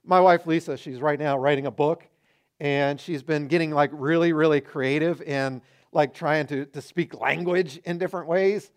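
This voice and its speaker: A middle-aged man preaching a sermon as pastor, conversational and animated, acting out quoted remarks. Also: on the high side, moderate pace.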